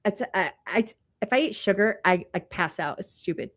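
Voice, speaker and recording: A woman chatting casually, telling animated stories and swearing freely. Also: mid-range voice, fairly quick. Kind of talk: casual chat.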